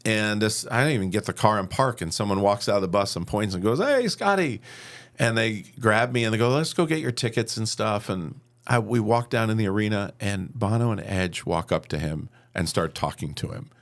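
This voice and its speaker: A podcast guest in his fifties from upstate New York tells personal stories, animatedly acting out what people said. His voice is on the low side and brisk, with hardly any pauses.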